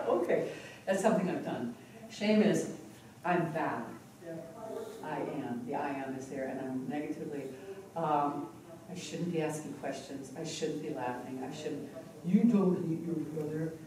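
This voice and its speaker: A woman presenting a live hypnotherapy teaching demonstration in an expressive, conversational way, recorded from a distance in a large conference hall. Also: low-pitched. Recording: echoey hall from far off with noise.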